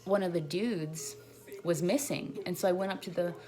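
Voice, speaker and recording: A woman's voice: lowish voice, steady tone, moderate pace. A young woman in her twenties telling a long, rambling personal story in a casual vlog, full of "like" fillers. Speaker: vlogger. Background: music.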